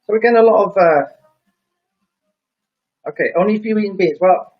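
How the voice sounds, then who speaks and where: A man with a notably high-pitched voice hosts a casual live chat, reading viewer comments and teasing back with easy humor. The audio is dull and lo-fi, as from a home stream setup. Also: brisk. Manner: reads viewer comments aloud and jokes, chuckling.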